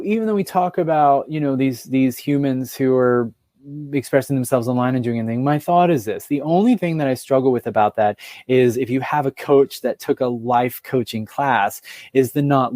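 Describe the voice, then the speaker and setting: A man's voice: medium pitch, a little mellow, no echo, clean studio sound. A man, a guest astrologer, talking in a casual podcast interview, thoughtful and rambling with lots of ums.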